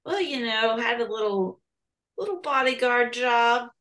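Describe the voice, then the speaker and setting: A woman's voice: a little high, lively intonation, a little slow, a bit bright, pitched above the performer's own voice. A woman voicing a flirtatious, awkward female half-orc adventurer in a tabletop game. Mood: flirty. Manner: playful, mock-flirty.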